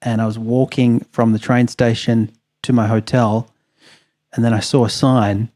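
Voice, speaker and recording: A man co-hosting a podcast, chatting casually with dry, deadpan humor. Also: mid-range voice, normal speed. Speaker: podcast co-host.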